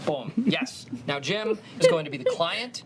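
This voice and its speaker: A man's voice: a little high, very animated, unhurried. An actor playing a bossy, showy male office manager in a sitcom. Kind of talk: sitcom acting. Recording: TV clip with background noise.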